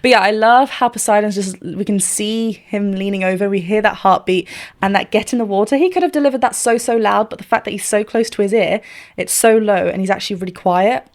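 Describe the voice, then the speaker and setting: A woman's voice: medium pitch, brisk. A woman vocal coach giving casual reaction commentary, chatty and often scatting melodies.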